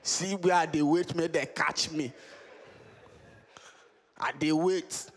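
A man telling a comic story in Nigerian Pidgin, animated and laughing as he acts out the scenes. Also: a little high, takes it slowly. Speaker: stand-up comedian.

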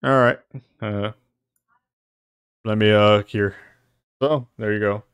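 Speaking slowly with fairly even intonation, this young host wanders through a casual tutorial on voice-changer software, swearing here and there. His low voice is clear and resonant. The recording, made on a noise-suppressed studio mic, is dry but sounds muffled.

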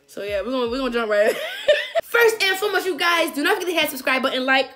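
Chatty high-voiced woman reacting. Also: very animated, fast, noisy background. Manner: chatty, rambling, laughs often. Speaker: reaction video host. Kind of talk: casual reaction commentary.

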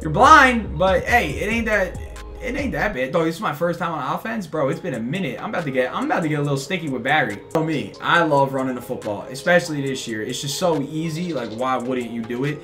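A man's voice: fairly high pitch, animated, fairly quick, sharp tone, faint music behind. A young man giving casual, slangy commentary over his own football video game match, talking to the opponent and to viewers. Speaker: gaming YouTuber.

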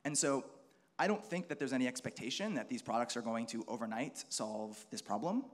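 Panelist: man, mid-pitched, measured and analytical, conference stage. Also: lively intonation.

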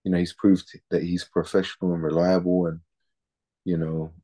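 A man's voice: low-pitched, flat delivery, moderate pace, dark tone. A man in his thirties, an actor chatting casually in an interview, laid-back and slangy, often repeating words as he thinks.

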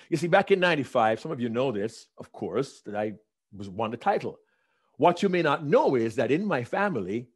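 Animated man giving a keynote. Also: mid-range voice, breathy edge. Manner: dramatic storytelling, animated. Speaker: keynote speaker. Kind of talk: motivational keynote speech.

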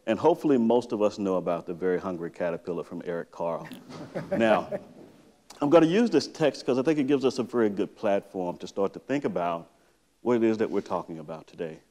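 At a conference in a large lecture hall, a middle-aged psychotherapist with a lowish, slightly fast voice tells a lively story, performing the way he reads to his daughter. Long hall reverb hangs on the recording.

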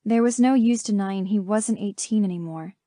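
Woman narrating in a warm, dry voice. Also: mid-range voice, moderate pace, dry recording. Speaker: audiobook narrator. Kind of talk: scripted first-person narration.

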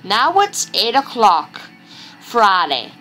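Slow rambling woman gamer commentator. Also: medium pitch, wildly swooping pitch, pushed and bright, soft background music. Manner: rambling, repetitive, chatty. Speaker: gameplay commentator. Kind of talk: casual let's-play commentary.

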